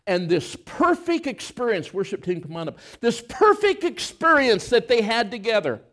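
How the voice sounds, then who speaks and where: A man preaching a sermon, his delivery swinging from hushed, intimate phrases to loud, impassioned outbursts. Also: very high-pitched, sing-song, normal speed. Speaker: pastor.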